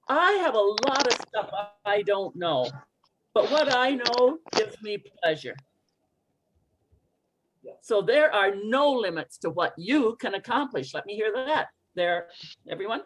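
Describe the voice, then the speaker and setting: Female English coach for an online class call; expressive, encouraging, reads lines aloud for students to echo. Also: mid-range voice, a little slow, noisy background. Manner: expressive, encouraging, models phrases for repetition. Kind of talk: online group pronunciation lesson.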